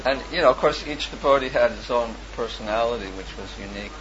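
A man's voice: medium pitch, fast, noisy background. A man telling a personal story in a casual, rambling way, full of fillers and restarts and with frequent chuckles. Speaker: storyteller recalling his past. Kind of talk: casual spoken memoir. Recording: lo-fi with clear background ambience.

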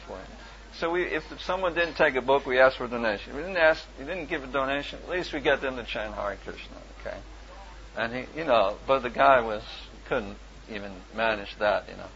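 A man's voice: mid-range voice, expressive, fairly quick, a bit bright. A man casually recounting an anecdote as a volunteer, rambling with many fillers and chuckles. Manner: rambling, full of "you know", chuckling. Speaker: volunteer book distributor telling an anecdote. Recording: dull lo-fi recording with faint hiss.

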